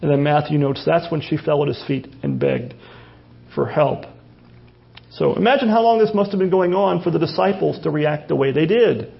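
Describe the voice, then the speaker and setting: A man's voice: on the high side, lively intonation, moderate pace, creaky. A man preaching a sermon, asking rhetorical questions and often restarting his phrases. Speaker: pastor. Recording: dull lo-fi recording.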